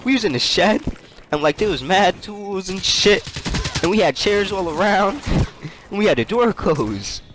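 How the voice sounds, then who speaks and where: Brief: young male gamer, high-ish animated voice, slangy storytelling, game gunfire underneath. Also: measured pace. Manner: loose, slangy, laughs often. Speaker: gaming YouTuber. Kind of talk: casual storytelling over gameplay. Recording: game gunfire noise behind voice. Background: video game gunfire and clicks.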